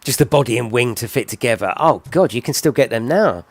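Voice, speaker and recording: A man's voice: mid-range voice, lively intonation, a little fast, no room sound. A middle-aged man giving casual, rambling game commentary full of tag questions. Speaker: gaming channel host.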